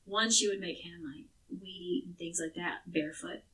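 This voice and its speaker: A woman's voice: fairly low pitch, normal speed, a bit bright, recorded from a distance, poor audio. A woman co-hosting a podcast, telling a true crime case in a casual, chatty way with some swearing. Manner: chatty, swearing, restarts words.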